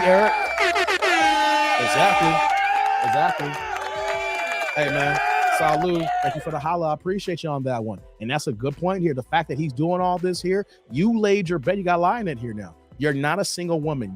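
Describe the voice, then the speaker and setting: Chatty male livestream commentary host. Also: a little high. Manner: chatty, reads chat aloud, repeats phrases. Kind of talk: livestream commentary reacting to clips.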